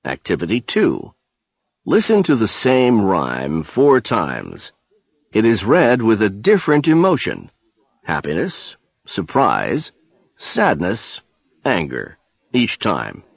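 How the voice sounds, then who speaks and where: A man reading the exercise instructions for a language lesson in a measured, announcing way. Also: on the low side, huge pitch swings, vocal fry, slightly rough, dry recording. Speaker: textbook audio narrator. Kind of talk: scripted instructions. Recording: slightly dull dry studio sound.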